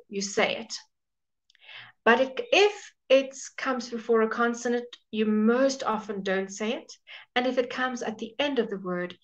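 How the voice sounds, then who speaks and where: A woman teaching English pronunciation in a live online class. She says each example word slowly, repeats it, and greets viewers by name as she goes. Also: a little high, a bit bright, dull audio. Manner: models words slowly and repeats them.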